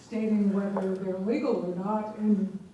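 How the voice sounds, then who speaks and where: A woman in the audience asks a halting question, restarting as she goes. Her voice is mellow and sounds distant from the mic. The room is very echoey, with faint background noise. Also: mid-range voice, level tone, dull audio. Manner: hesitant, restarting. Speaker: audience member asking a question. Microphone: far from the mic.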